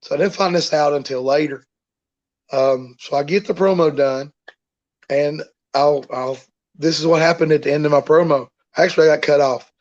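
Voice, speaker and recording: Male wrestler guest with a slightly high voice and a rambling, folksy delivery; muffled recording. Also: normal speed. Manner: rambling, repeats himself, folksy. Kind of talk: casual storytelling in an interview.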